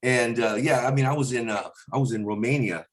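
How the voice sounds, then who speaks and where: A male stand-up comedian chatting in an interview, rambling through stories and slipping into quick voices. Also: mid-range voice. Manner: rambling, slips into voices and impressions mid-story. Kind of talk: casual interview chat with quick impressions.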